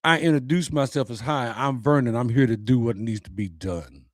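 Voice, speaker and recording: A man's voice: medium pitch, normal speed, no echo. A man hosting his own show, delivering a personal, uplifting message in an earnest, preacher-like way with repeated phrases.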